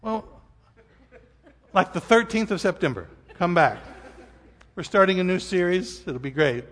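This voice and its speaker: A man's voice: high voice, expressive, measured pace, fairly bright tone, long reverb tail. A male pastor giving an earnest, vulnerable sermon appeal, at times near tears. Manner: earnest, vulnerable, self-deprecating. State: tearful at times. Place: church auditorium.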